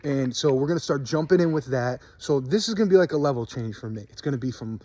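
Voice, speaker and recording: A man's voice: medium pitch, lively intonation, fast, a little mellow. Rambling casual man vlogging outdoors. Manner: rambling and candid, lots of fillers and restarts. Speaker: vlogger documenting language learning. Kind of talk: casual talking-to-camera vlog. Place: outdoors in the cold.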